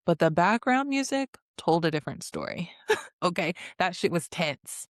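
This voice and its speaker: A woman recaps a reality show in a chatty, sassy way. She laughs often and acts out quotes in a fairly low voice. The sound is close and dry, with no room echo. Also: lively intonation, moderate pace. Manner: sassy commentary. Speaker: recap host.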